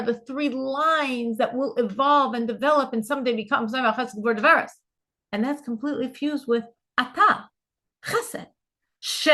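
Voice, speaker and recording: Bright-voiced woman teaching a Chassidic class. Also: sits high, measured pace. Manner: earnest, explanatory, repeats key terms. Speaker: Torah teacher.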